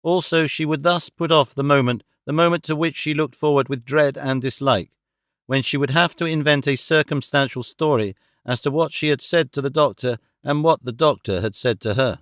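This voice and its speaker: A man narrating an audiobook in a steady, even-toned way on a close studio mic. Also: fairly high pitch, normal speed, no echo. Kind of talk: scripted narration.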